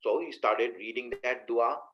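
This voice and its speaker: A man's voice: medium pitch, a little slow, dull audio. A man preaching a sermon in a conversational way, asking his listeners rhetorical questions and speaking to them directly. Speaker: Islamic preacher.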